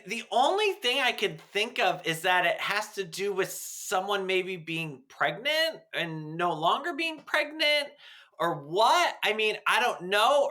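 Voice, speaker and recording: Guy on a podcast, bright voice, casual, hedgy, lots of likes. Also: sits high. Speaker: podcast guest. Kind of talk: casual chat.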